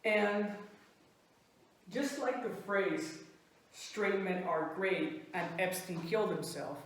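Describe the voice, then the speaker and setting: A woman from Venezuela, telling a stand-up comedy story and acting out dialogue in animated bursts. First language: Spanish. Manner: animated, acts out dialogue with pitch jumps. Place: small comedy venue. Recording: very echoey room.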